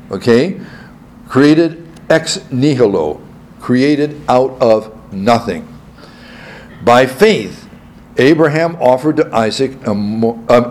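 A man's voice: medium pitch, a little mellow, a little hiss or hum. A man teaching a Bible class. He reads scripture aloud, repeats key phrases and checks in with his students.

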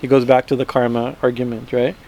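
A man teaching a verse-by-verse scripture class, chanting Sanskrit words slowly and then translating them, with many fillers and restarts. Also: mid-range voice, flat delivery, dark tone.

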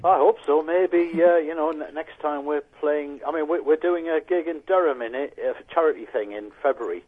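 A man calling in by telephone as a musician guest, chatting in a relaxed way about upcoming gigs. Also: on the high side, moderate pace, narrow, tinny audio. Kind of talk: phone interview.

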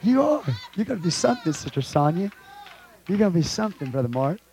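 A pastor with a drawl leading a sermon, preaching in call-and-response and moving between hushed prayer and loud exhortation. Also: male voice, sits high, very animated, quick pace. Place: church sanctuary.

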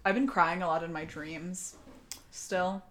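A woman's voice: lowish voice, steady tone, a little slow. A young woman co-hosting a podcast, talking candidly in casual chat with lots of fillers and easy laughs. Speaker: podcast co-host.

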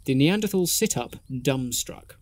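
A man's voice: mid-range voice, lively intonation, unhurried. A man co-hosting a podcast, reading interactive fan fiction aloud in a playful way and laughing at his own puns. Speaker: podcast co-host.

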